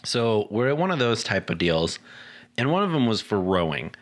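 Man telling stories with lively quoted voices. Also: lowish voice, moderate pace. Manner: animated storyteller, acts out quoted voices. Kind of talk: casual storytelling chat.

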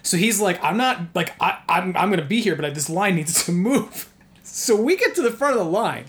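A man from New York telling a story in casual chat, animated and laughing often, with many "like" fillers. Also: high voice, a little fast. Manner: heavy use of "like" as filler.

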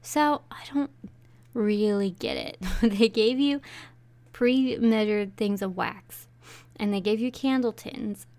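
A woman's voice: mid-range voice, takes it slowly, a little mellow, dry recording. A woman co-hosting a casual podcast from home over a video call, dry and teasing in manner. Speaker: podcast co-host. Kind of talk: casual chat.

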